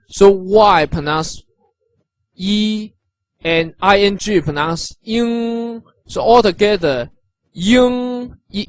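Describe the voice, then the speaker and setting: A man teaching characters and their pronunciation, patient and encouraging, repeating each sound slowly. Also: high-pitched, dry recording. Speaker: language teacher. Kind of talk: instructional narration.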